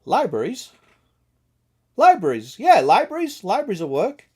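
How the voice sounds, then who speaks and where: Young guy streaming a point and click game, swears a lot, laughs, voice a bit high. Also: huge pitch swings, measured pace, breathy edge. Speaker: gaming streamer. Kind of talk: casual gameplay chat.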